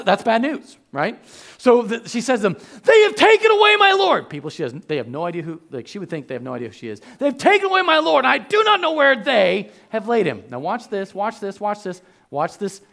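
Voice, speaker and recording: A man preaching a conversational sermon, joking with the congregation and acting out the lines of the people in the story. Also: fairly high pitch. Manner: conversational, acts out quotes, jokes with the congregation. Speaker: pastor. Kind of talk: animated sermon.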